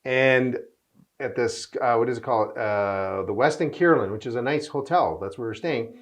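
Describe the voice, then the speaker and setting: A middle-aged man with a mid-pitched voice hosts an interview show. He chats casually and tells rambling anecdotes with excitement. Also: moderate pace.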